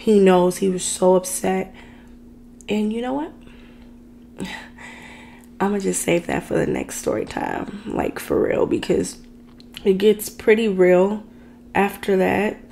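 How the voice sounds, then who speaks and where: A woman's voice: mid-range voice, takes it slowly, creaky, long pauses, warm tone. A woman vlogger telling a dramatic personal story in a chatty, ranting way, talking straight to her viewers. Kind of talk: casual storytime rant.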